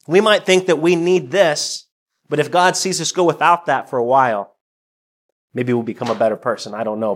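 Soft-spoken middle-aged pastor, gentle sermon delivery, mid-range voice. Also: male voice, mid-range voice.

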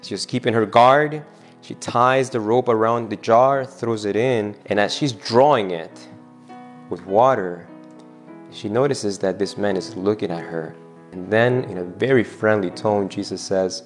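Low-voiced pastor telling a story. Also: male voice, normal speed, faint music behind. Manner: retells the scripture scene, acting out both speakers' lines. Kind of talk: storytelling sermon.

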